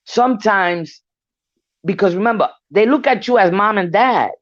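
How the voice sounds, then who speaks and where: An older woman talks openly and bluntly, swearing freely as she tells stories. Her voice sits at an ordinary middle pitch. The sound is dry and a bit muffled, like a lo-fi recording. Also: moderate pace, dry recording. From New York. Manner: frank storytelling, swears freely. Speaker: guest speaker. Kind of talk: casual discussion.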